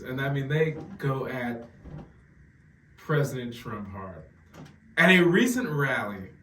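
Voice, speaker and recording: A man's voice: mid-range voice, slight background noise. Roomy-sounding man in his forties chatting. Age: 40s. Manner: animated, quick asides, repeats words when starting. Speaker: podcast co-host. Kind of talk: casual chat. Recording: roomy sound, mic at some distance.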